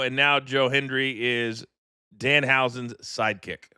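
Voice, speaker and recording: A middle-aged man hosting a live wrestling watchalong, ranting in animated, incredulous commentary from a studio mic. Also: fairly high pitch, moderate pace, clear, resonant tone, no echo. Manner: animated, incredulous, rambling rants. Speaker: host.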